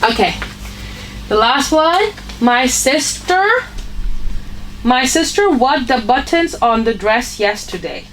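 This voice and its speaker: Female teacher, unhurried lesson delivery with lots of "okay?", recorded a bit off-mic. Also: high voice, expressive, a bit bright, distant mic, poor audio. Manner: patient, repeats points with frequent "okay?" checks. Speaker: English phonics teacher. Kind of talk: online grammar lesson.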